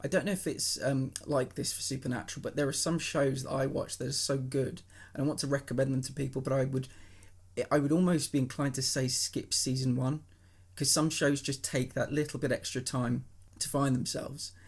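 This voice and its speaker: A podcast host asking questions in a relaxed, curious manner. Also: mid-range voice, brisk, creaky, slightly rough. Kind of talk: casual interview chat.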